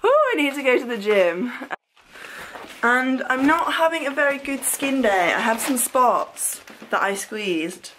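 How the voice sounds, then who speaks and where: Young woman, chatty vlogger, bubbly, slightly high voice, handheld camera. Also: very animated, measured pace, a bit bright, slight background noise. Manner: chatty and bubbly, with sighs of frustration. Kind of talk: casual vlog chat to camera.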